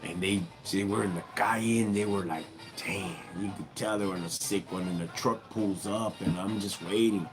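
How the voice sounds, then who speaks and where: A man's voice: fairly low pitch, steady tone, fairly quick, hardly any pauses, music in the background. A middle-aged man from Southern California with a Chicano English accent, hosting a casual livestream and talking slangy street talk, calling his viewers dog and homie. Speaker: livestream host.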